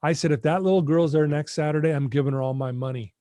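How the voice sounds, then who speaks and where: A middle-aged man with a slightly higher voice than most men tells a personal story as a podcast guest. His manner is earnest and heartfelt, and he often turns to speak straight to the host. The sound is dry and close, with almost no room in it. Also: steady tone, fast talker, dark tone, no room sound. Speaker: guest, addiction recovery mentor.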